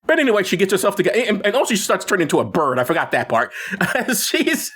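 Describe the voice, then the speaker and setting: Podcast co-host, male, lively swooping delivery, slightly high, halting and chatty. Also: breathy edge. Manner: animated, halting retelling with many restarts and laughs. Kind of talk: casual movie chat.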